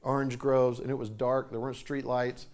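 A man in his forties preaching a sermon in a folksy, animated storytelling way, often repeating himself for emphasis. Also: medium pitch, normal speed. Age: 40s.

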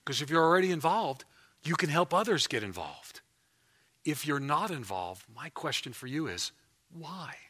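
A man preaching a sermon as pastor in a church, animated and emphatic, often restarting his phrases. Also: fairly high pitch, normal speed, slightly rough. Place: church before a congregation.

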